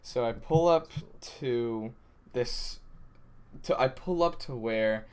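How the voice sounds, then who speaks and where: A young man in casual podcast chat with friends, telling his stories with lots of animation. He acts out the quotes and shouts as he goes. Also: medium pitch, slow pace, clean tone. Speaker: podcast host.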